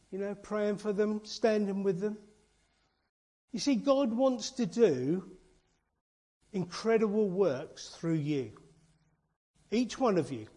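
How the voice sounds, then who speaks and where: Husky-voiced lay preacher. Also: male voice, high-pitched, warm tone. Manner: earnest, chatty preaching with rhetorical questions and asides. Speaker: church elder and lay preacher. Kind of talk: informal sermon.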